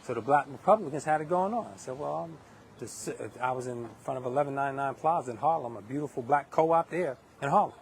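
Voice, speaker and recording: A man's voice: mid-range voice, quick pace. A middle-aged man from Long Island, hosting a live political monologue in an emphatic, preachy way with many restarts. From Hempstead, Long Island, New York. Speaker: livestream host.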